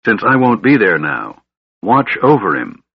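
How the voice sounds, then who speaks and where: A man's voice: fairly low pitch, wildly swooping pitch, a little slow, gravelly, breathy edge, dry recording, lo-fi sound, exaggerated voice. A man voicing a dying young male warrior who speaks in a strained, pleading way.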